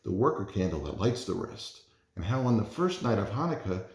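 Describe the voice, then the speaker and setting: A man, a parent, reading a children's storybook aloud in an expressive, animated way. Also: fairly low pitch, brisk. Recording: roomy echo.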